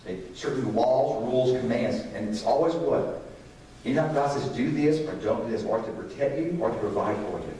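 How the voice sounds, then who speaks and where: A man's voice: mid-range voice, a little fast, dark tone, slight background noise. A middle-aged man preaching a conversational sermon on parenting, often putting questions to the congregation. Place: church sanctuary. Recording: echoey hall, distant mic.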